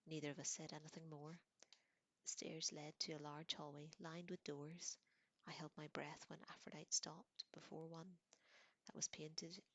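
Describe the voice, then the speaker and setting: A woman reads a novel aloud, soft and often half-whispered, and she adds casual asides now and then. Her voice is low with a gravelly edge. The sound is close and dry. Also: no room sound. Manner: casual asides between passages. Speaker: audiobook reader.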